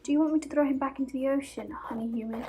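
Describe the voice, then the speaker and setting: A woman's voice: high-pitched, racing, mellow, soft background music. A woman reading the lines of a loyal, protective female black bear, in a cautious, careful way.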